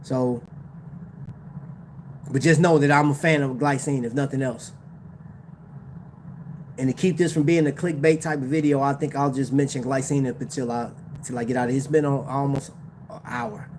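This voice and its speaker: A man's voice: medium pitch, normal speed, long pauses, a little mellow, slight background noise. A man hosting a casual livestream about watches, talking in slang, laughing often and addressing his chat. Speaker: watch channel host.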